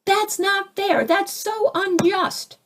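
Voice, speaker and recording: A middle-aged woman, a spiritual teacher and counselor, giving an animated talk full of rhetorical questions. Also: very high-pitched, slow pace, background noise. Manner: animated, acts out quoted voices, rhetorical questions.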